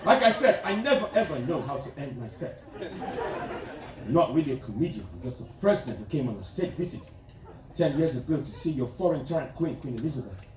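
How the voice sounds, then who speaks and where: Sing-song, on the high side, and a little fast, this comedian plays a crude, pompous self-proclaimed dictator president, boasting and ribbing the crowd during live stand-up. The big theater sounds echoey from a distant mic, with the audience loud.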